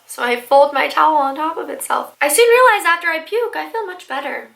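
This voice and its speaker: A woman in her twenties tells a storytime vlog in an excitable, animated way, with plenty of likes and laughter. Her voice sits high and sounds bright and forward. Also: fairly quick, vocal fry, rough recording. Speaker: vlogger.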